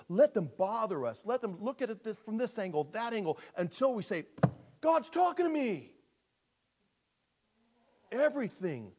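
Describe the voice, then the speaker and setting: A male pastor preaching a sermon in an animated storytelling manner, dropping to a hush and rising to shouts. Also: high-pitched.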